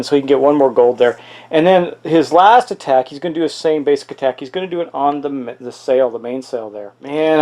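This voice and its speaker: A man's voice: fairly high pitch, darkish tone, a little hiss or hum. A man hosting a solo tabletop game playthrough, thinking aloud and exclaiming at dice rolls. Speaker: host playing a tabletop miniatures game.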